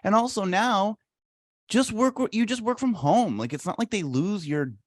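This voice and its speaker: A man's voice: high-pitched, animated, normal speed, no room sound, studio quality. A man co-hosting a podcast, chatting casually and venting with some annoyance. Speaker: podcast co-host. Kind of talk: casual chat.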